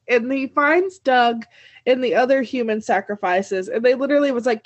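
A young woman co-hosts a podcast-style TV recap chat, chatty and laughing often while filling her speech with "like." Her voice is high-pitched at a normal pace, and the dry, dull lo-fi recording has no room sound.

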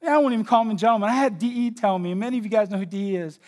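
A man preaching a sermon with passion, rising to loud bursts and dropping to hushed, quiet lines. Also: high voice, rapid-fire, hardly any pauses. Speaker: pastor.

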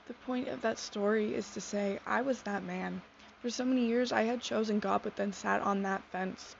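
Teen girl, earnest testimony, sincere and reflective; slight fry, muffled lo-fi audio. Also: mid-range voice, steady tone, normal speed. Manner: sincere, soft-spoken, reflective. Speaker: speaker sharing a faith testimony. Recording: dull lo-fi sound with faint noise.

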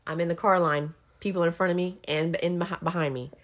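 A woman's voice: fairly low pitch, brisk. A woman, hosting a casual chat and telling a comic story, often checking in with "okay?". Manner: animated, keeps checking in with "okay?". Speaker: podcast host.

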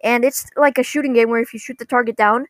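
A woman casually recapping a cartoon episode, rambling and halting, often correcting herself mid-sentence. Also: fairly high pitch, steady tone, dry recording.

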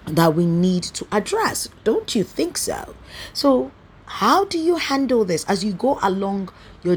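A woman's voice: fairly low pitch, a little hiss or hum. A woman teaching a Bible study, emphatic and fond of rhetorical questions, stressing key words with sudden bursts.

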